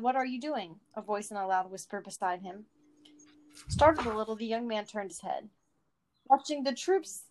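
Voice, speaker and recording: A woman's voice: mid-range voice, a little mellow. A woman host who reads a story aloud and then chats about it, thoughtful and full of little restarts. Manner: chatty, many fillers and restarts, thoughtful. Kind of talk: reading fan fiction aloud and casual chat.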